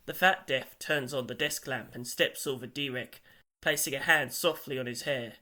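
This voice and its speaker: A man narrating an audiobook in a steady storytelling voice. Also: mid-range voice, moderate pace. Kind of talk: scripted narration.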